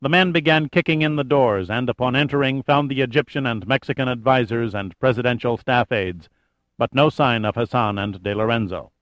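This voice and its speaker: A man reading a thriller audiobook in steady, measured narration. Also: mid-range voice, no echo.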